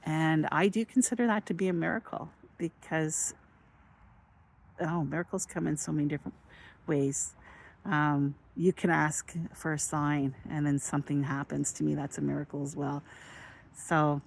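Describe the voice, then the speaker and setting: A woman vlogging casually, telling a story with animated, excited bursts and then slowing into reflective spiritual musing. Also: low-pitched, gravelly.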